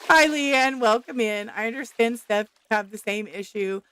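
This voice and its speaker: A woman's voice: fairly high pitch, measured pace, fairly bright tone, clean tone, dry recording. A woman streaming a farming game, chatting casually with viewers, reading their messages aloud and laughing often.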